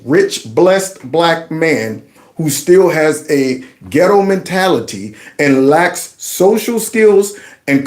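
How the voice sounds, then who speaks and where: A man hosting casual political commentary, animated and mocking, who often slips into high, exaggerated mimicry. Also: roomy sound.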